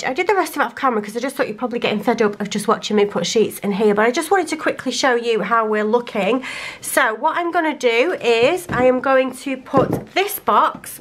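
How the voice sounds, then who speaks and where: Casting note: young woman, slightly high voice, easy chatty vlogger who thinks out loud. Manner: chatty, thinks aloud while sorting stickers. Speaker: planner sticker vlogger. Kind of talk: casual chat to camera.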